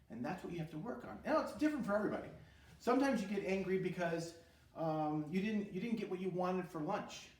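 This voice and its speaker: Animated man teaching, echoey room. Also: fairly high pitch, distant mic. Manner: animated, asks questions and answers them himself, breaks into short sung lines. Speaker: music therapy teacher. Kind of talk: recorded e-learning lesson for children.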